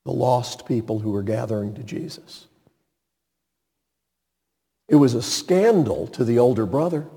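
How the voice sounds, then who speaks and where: A man's voice: mid-range voice, mellow, husky. A man preaching a sermon, retelling a story with dramatic emphasis and sudden emphatic peaks. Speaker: pastor. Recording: reverberant hall.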